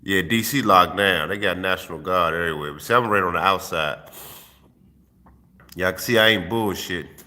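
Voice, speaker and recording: A man hosting his own channel delivers streetwise dating advice in a casual, profane vlog monologue, filming himself on a phone he holds. His voice is low with a sharp tone, and a long reverb tail trails his words.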